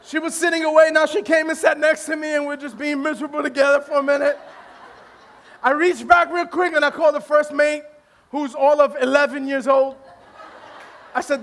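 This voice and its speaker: Animated high-voiced pastor telling funny story. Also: male voice, moderate pace. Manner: animated, self-deprecating, laughing, repetitive restarts. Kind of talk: humorous sermon storytelling.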